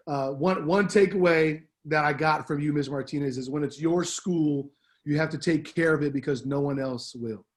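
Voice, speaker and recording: A man's voice: fairly high pitch, moderate pace. A middle-aged man, a departing assistant principal, giving an upbeat, heartfelt farewell speech on the school announcements, slangy and full of fillers.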